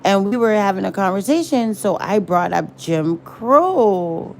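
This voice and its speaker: Slow-talking woman, rambling. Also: mid-range voice, animated, a little mellow, a little hiss or hum. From American South. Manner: rambling, searching for words. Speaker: livestream host. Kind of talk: casual livestream chat.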